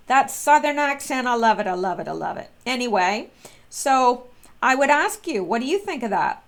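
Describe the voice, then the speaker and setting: Chatty woman vlogger, high voice. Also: sing-song, moderate pace. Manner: chatty, earnest, many fillers and restarts. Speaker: vlogger commenting on politics. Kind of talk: casual spoken commentary to viewers.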